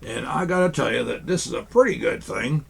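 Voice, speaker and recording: A man's voice: mid-range voice, expressive, a little fast, gravelly, slightly rough. A man playing Santa Claus in a children's craft show, chatting folksily to boys and girls as he works.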